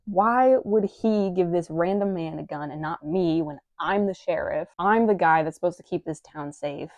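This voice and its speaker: A woman's voice: fairly low pitch, moderate pace, darkish tone, dry recording, lightly acted. A woman voicing an arrogant, hotheaded male town sheriff who complains indignantly.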